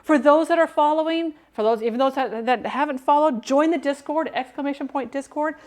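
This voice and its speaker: A bubbly woman talks through a recipe live from her home kitchen, her voice sitting a little high. She greets her viewers by name with bursts of excitement and often trips over her words before restarting. The sound comes close and direct from a clip-on mic. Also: a little fast. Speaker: food and drink streamer. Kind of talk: live cooking stream chat.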